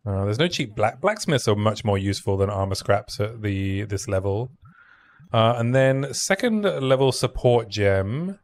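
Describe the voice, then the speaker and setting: A man with a fairly low voice chats casually through a game stream, thinking aloud and reading out item numbers as he plays. The talk is loose and conversational, with easy asides to his chat. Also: expressive, measured pace. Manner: thinks aloud, chatty, reads out item stats. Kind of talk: casual gaming stream commentary.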